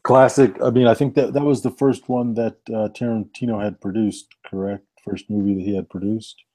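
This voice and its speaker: A man on a casual movie podcast, relaxed and enthusiastic as he recommends films. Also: fairly low pitch, fairly quick, no echo. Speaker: podcast co-host. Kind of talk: casual chat.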